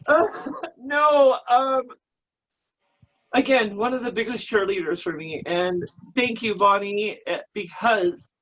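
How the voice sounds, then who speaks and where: A man's voice: high voice, a bit bright, a little hiss or hum. Campy emotional drag queen, lo-fi. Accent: American. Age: 30s. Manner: campy, emotional, crude joking. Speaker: drag queen talk show host, guest. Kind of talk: casual interview chat. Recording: dull lo-fi sound.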